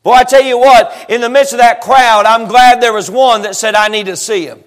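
Folksy high-voiced preacher man. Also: steady tone, normal speed, few pauses. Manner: folksy, joking asides, frequent amens, rising to shouts. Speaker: traveling evangelist preacher. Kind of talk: sermon with storytelling.

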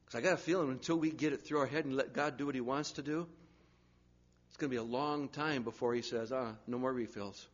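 Preacher guy, husky and kinda high, dull lo-fi church tape, goes loud then real quiet. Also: a little fast. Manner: swings from loud urgent pleading to hushed near-whispers. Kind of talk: sermon.

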